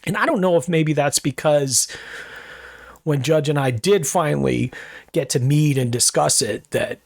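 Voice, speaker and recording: Gravelly-voiced man telling a personal story. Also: on the high side, a little slow, no room sound, clean studio sound. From Rochester, New York area. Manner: rambling, self-correcting, reflective. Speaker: podcast host.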